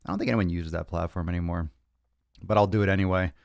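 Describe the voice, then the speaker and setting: A man's voice: deep voice, steady tone, fast, creaky, clear, resonant tone, dry recording. A young man hosting a fitness podcast livestream Q&A, brash and profane, joking as he answers viewer questions from his home studio. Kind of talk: casual livestream Q&A. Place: home studio with monitors and cameras.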